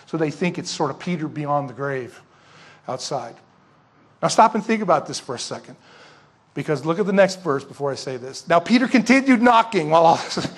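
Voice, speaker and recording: A man with a high, husky voice preaches from the pulpit as pastor. He works through the passage like a lively storyteller, tossing rhetorical questions at his listeners. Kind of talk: expository sermon.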